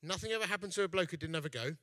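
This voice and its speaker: Rapid-fire and high-voiced, slightly bright, this East London man tells stories from the pulpit on a dry recording. The evangelist speaker and festival founder preaches in a chatty, joking, self-deprecating manner.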